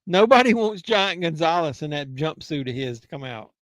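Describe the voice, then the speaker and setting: A man hosting a live wrestling watch-along, reacting casually with blunt, excitable remarks, heckling and the odd curse, and a voice he says is going. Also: a little high, no room sound. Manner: excitable, blunt and heckling, with quick asides and swearing. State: losing his voice.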